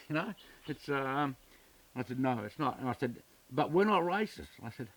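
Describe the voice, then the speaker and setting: Australian man, 70s, plain-spoken interviewee recounting old arguments, mid pitch, mic a bit distant. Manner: plain-spoken, retells arguments with reported speech. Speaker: interviewee, community chair. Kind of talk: documentary interview storytelling.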